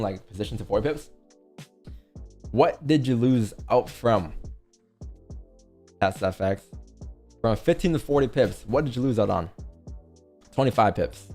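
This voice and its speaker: A man hosting a casual livestream, coaching viewers with rapid rhetorical questions. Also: medium pitch, darkish tone. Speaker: livestream trading host.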